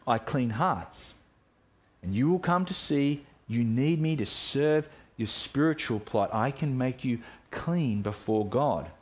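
Pastor playing a patient, gentle teacher figure. Probing questions, calls him mate. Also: male voice, mid-range voice, lightly acted.

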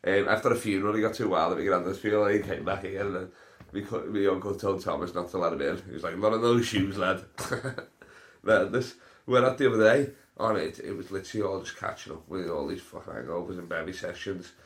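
A man's voice: deep voice, fast. Rambling man, roomy sound. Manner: rambling, laughing, sweary storytelling. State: stoned. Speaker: podcast host. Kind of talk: casual solo podcast chat. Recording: roomy echo.

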